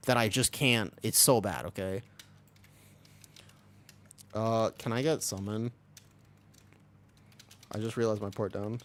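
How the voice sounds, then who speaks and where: A man's voice: lowish voice, slow pace, pauses often. Rambling young man streaming live. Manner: rambling, restless, full of restarts and swearing. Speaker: Twitch streamer. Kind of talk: casual live-stream chat.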